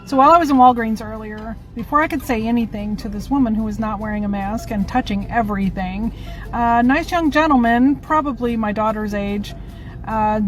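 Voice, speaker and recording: A middle-aged woman telling a casual anecdote in a measured, matter-of-fact way. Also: fairly high pitch, over music, poor audio. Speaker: storyteller. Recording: car noise behind.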